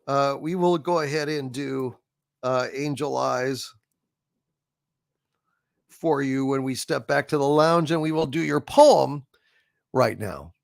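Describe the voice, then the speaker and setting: A man hosting a livestream talks slowly and unhurriedly, with a gravelly edge to his voice. He rambles as he reads out viewer messages, full of fillers and false starts. The sound is dry and close. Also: mid-range voice, dry recording. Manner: rambling with many fillers and restarts; slow, soft poetry reading. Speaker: livestream host. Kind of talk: casual livestream chat reading super chats.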